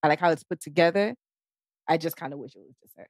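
A woman co-hosting a music podcast, giving frank, measured opinions in casual discussion. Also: low-pitched, no echo, studio quality. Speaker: podcast co-host.

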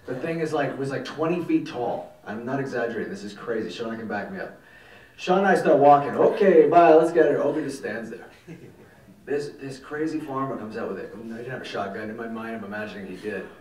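A man, a film director telling stories at a festival Q&A, animated and rambling and swearing casually. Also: fairly low pitch, fairly quick. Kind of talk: festival Q&A storytelling. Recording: echoey hall, mic from far off.

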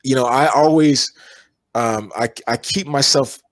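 A man who works as an energy healer, telling long stories in a relaxed interview with many fillers and restarts. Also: medium pitch, unhurried, no echo.

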